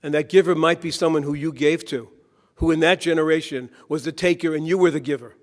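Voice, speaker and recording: A man stands before a conference audience, telling stories and jokes with a preacher's rhythm. His voice sits a little high for a man. The long reverb of the hall trails each phrase. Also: steady tone, a little fast. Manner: anecdotal, tells jokes with a preacher's cadence. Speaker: keynote speaker. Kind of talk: conference keynote speech.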